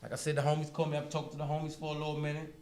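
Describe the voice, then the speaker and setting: Man from harlem, high voice, animated storytelling, laughs a lot, roomy echo. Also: very fast. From Harlem, New York. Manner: animated, acts out prison dialogue, laughs often. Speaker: interview guest. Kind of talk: casual storytelling interview.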